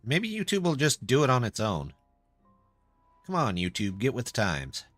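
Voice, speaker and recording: A man's voice: medium pitch, huge pitch swings, moderate pace, a bit bright, no room sound, soft background music. A man live-streaming a game and chatting casually with viewers, answering their comments in a loose, self-deprecating way. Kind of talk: casual live-stream chat while gaming.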